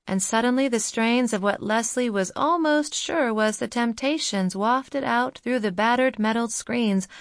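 A woman narrating an audiobook with a measured, even delivery, her voice in a middle register. The recording is close and dry, with no room around her. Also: medium pitch, no echo. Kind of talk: scripted narration.

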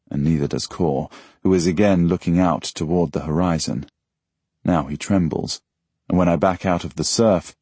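A man reading a novel aloud in the first person, with measured, quiet storytelling. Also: deep voice, breathy edge, dry recording. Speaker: audiobook narrator. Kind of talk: first-person scripted narration.

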